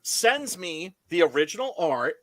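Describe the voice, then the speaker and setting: A man chatting casually on a comics talk stream, telling stories in an animated, emphatic way. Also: on the high side, unhurried, no room sound. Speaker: comic creator guest. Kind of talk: casual podcast chat.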